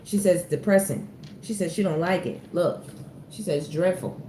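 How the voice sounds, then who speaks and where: A woman with a fairly low voice talks a little fast as she gives a casual tarot reading, speaking straight to her viewers and laughing often. The room is echoey, with faint ambient noise.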